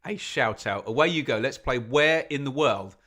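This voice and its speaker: A man's voice: mid-range voice, lively intonation, normal speed. Chatty man hosting a live football stream. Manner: chatty, self-deprecating, reads out chat messages. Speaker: football fan watch-along host. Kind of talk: live stream chat with viewers.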